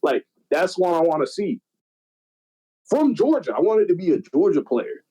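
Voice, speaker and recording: A young man in casual podcast chat, telling stories in an animated, slangy, profane way. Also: fairly high pitch, normal speed, slightly rough, poor audio. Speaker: podcast guest.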